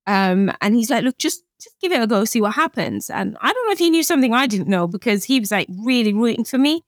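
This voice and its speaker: A woman's voice: a little high, quick pace, no room sound. British woman in her late 30s, chatty guest on a podcast, plays out the dialogue in her stories, dry close sound. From Britain. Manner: animated storytelling, acts out quoted dialogue. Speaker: guest, chef and author. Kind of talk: conversational podcast interview.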